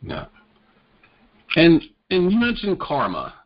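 A man's voice: fairly high pitch, wildly swooping pitch, slow. Blunt, profane man on muffled audio. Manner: blunt, profane, stammers on restarts. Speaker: podcast co-host. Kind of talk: casual political chat.

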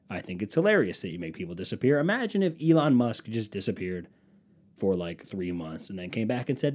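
A man's voice: lowish voice, big pitch swings, fairly quick, darkish tone. Rambling, swearing young podcast guy. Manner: rambling, profane, self-mocking. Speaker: podcast host. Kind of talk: casual solo podcast chat.

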